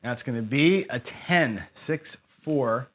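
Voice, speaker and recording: A man's voice: medium pitch, expressive, slow pace, background noise. A man giving casual running commentary as he plays a dice game on a live stream, chatting to his viewers. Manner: chatty, talks to himself and chat viewers. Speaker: craps streamer.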